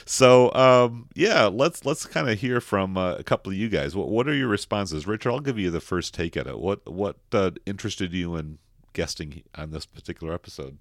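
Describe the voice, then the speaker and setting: A man hosting a film podcast in a relaxed, rambling way, with many fillers. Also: deep voice, normal speed, dry recording, studio quality. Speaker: podcast host. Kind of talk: casual film discussion.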